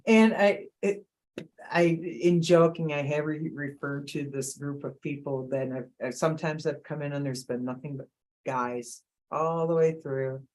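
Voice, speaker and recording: A woman's voice: sits low, steady tone, measured pace, darkish tone. Candid, laughing middle-aged woman. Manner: candid, laughs often, rambling anecdotes. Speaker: guest panelist. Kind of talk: casual storytelling chat.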